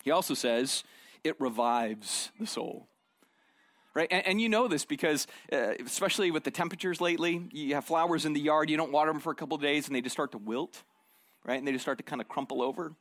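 High-voiced preacher, dry close sound. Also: male voice, fast talker, a bit bright, no room sound. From Arizona. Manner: conversational storytelling, frequent "right?" tag questions. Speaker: pastor. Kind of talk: sermon.

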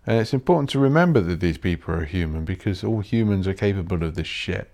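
A man's voice: low-pitched, lively intonation, quick pace, creaky, a little mellow. A man hosting a solo podcast, rambling and ranting with plenty of swearing. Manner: swears a lot, rants and mocks posh voices. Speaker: podcast host.

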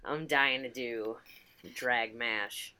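A woman co-hosting a casual chat, expressive and a bit profane, often acting out quoted voices. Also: extremely low pitch, extremely slow, smooth, low-quality recording. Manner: expressive, swears, acts out voices.

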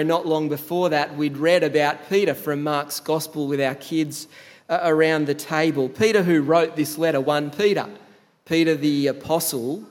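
Male pastor, sermon, conversational storytelling, slightly high voice, long hall reverb.

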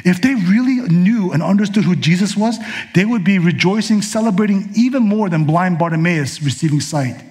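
A man's voice: high voice, animated, normal speed, a little mellow. A male pastor delivering a sermon in a conversational way, with casual asides.

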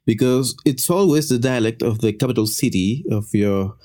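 A man from Chile with a Chilean Spanish accent, a native Spanish speaker, explaining in casual podcast chat with lively jumps in pitch. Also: normal speed.

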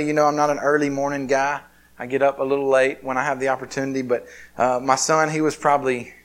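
A man's voice: medium pitch, fairly bright tone. A man preaching a sermon, telling a personal story in a conversational, self-deprecating way. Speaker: pastor.

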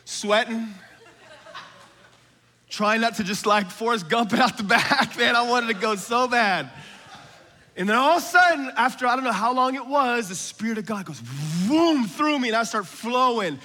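A man preaching a sermon, moving from hushed, whispered asides to loud, shouted exhortation, with casual slang and laughter. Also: very high voice, lively intonation, moderate pace. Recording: long hall reverb from a large room.

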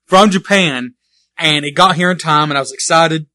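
Man, podcast co-host, bright tone, dry close sound, rambling casual chat. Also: a little high, moderate pace, dry recording. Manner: rambling, self-correcting, laughs often. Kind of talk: casual chat about retro video games.

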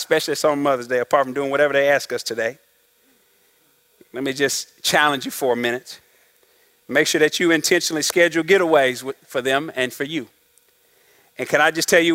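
A man's voice: a little high, fairly bright tone. A middle-aged man preaching a sermon as pastor, with conversational asides to the congregation and acted-out quotes. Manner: preaching with call-and-response asides; acts out couples' voices in quotes.

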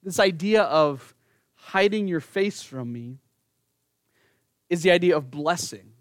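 A man's voice: high voice, lively intonation, slow pace, no room sound, studio quality. A man preaching an earnest sermon, speaking directly to his congregation and rising into pleading emphasis. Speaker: pastor.

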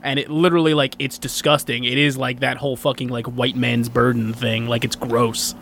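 A man's voice: mid-range voice, little pitch movement, brisk, a bit bright, slight background noise. A man co-hosting a casual podcast, talking bluntly with frequent swearing and fillers. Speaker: podcast co-host.

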